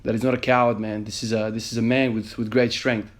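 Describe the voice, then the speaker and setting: A man's voice: medium pitch, flat delivery, quick pace. A man in his thirties, an emergency nurse, earnestly telling a story in a motivational vlog with many fillers. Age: 30s.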